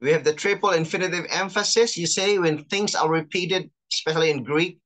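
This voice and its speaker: Bright-voiced patient chaplain lecturing online. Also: mid-range voice. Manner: patient, explanatory, reading out terms slowly.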